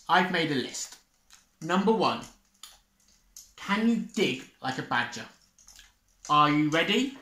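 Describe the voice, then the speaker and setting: A woman drag queen reading a children's picture book aloud in an expressive, theatrical way. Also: low voice, slow pace, long pauses, reverberant. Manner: expressive, theatrical, swooping between whispers and loud calls. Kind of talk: children's story read-aloud.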